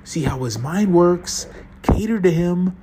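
A man's voice: sits high, expressive, measured pace, dark tone, slight background noise, voice pushed up. A man doing a timid, stubborn young woman captive. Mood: defensive.

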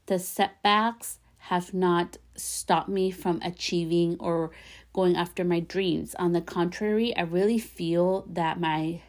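Gentle encouraging woman podcast host. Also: on the low side, steady tone, slow pace. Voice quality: soft, warm and encouraging, with light giggles. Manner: gentle affirmations, repeats herself for emphasis. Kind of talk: heartfelt solo podcast talk.

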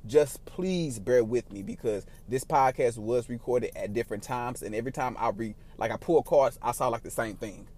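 A man giving a casual tarot reading on his podcast, sassy and expressive, swearing freely. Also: medium pitch. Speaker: tarot reader.

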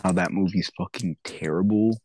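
A man in casual podcast chat, ranting with lots of swearing and animated put-on voices. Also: deep voice, moderate pace, low-quality recording. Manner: profane, animated rants. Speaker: podcast co-host.

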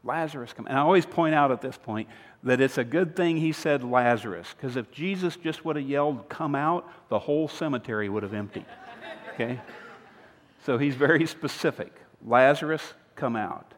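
A pastor preaching a sermon, retelling a story with humor, swinging between loud emphatic lines and quiet earnest appeals. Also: male voice, medium pitch, moderate pace. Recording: long hall reverb.

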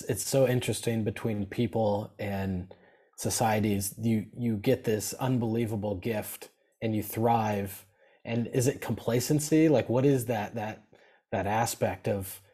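A man hosting a podcast, thinking aloud in a halting, reflective way with many restarts. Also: medium pitch, dark tone. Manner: halting and reflective, restarts his sentences often. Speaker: podcast host. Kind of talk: casual podcast chat.

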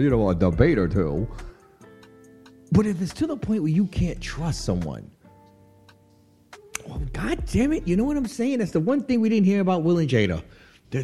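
A man hosting a radio show, chatting casually and laughing often as he riffs on a celebrity breakup. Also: a little high. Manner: animated, chatty, laughs often, frequent "you know what I'm saying". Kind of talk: casual on-air commentary. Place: radio studio.

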